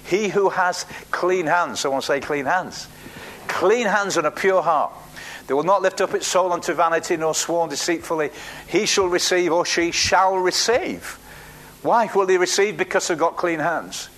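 A man delivers a sermon in a slightly raised voice. He tells the story with lively, acted-out quotes, breaking off and restarting his phrases as he goes. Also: high voice, moderate pace. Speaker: preacher.

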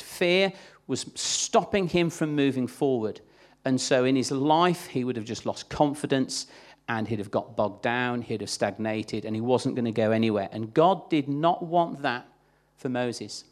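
A man with a mid-range voice preaches a sermon in a conversational manner. He acts out the voices of the people he quotes.

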